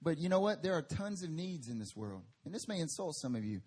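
Male preacher, fairly high husky voice, chatty sermon with forceful peaks. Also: very animated, brisk. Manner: conversational, rising to forceful emphatic bursts. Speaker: pastor. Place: church service.

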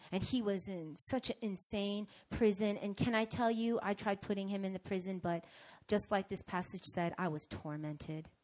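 Young woman, sermon testimony, animated storyteller with big swings from soft to loud. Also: medium pitch. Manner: dramatic and animated, with sudden swings from hushed to loud. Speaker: preacher giving a testimony.

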